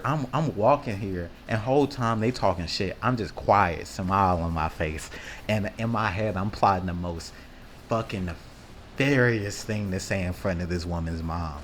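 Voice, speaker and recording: A man's voice: fairly low pitch, normal speed, slight background noise. A man telling a loose, profane story in casual rambling style, acting out the quotes with lots of fillers. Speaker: vlogger.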